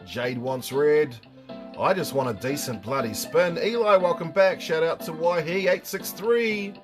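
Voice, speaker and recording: A man's voice: a little high, measured pace, music in the background. A middle-aged man with a New Zealand accent hosting a casual live stream, joking, swearing and reading out viewers' names.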